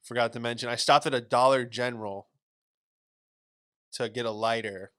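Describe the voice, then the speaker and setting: Rambling young man, bright voice. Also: mid-range voice, steady tone, normal speed, smooth. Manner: rambling, laid-back, full of fillers and slang. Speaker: podcast host. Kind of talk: casual comedic storytelling.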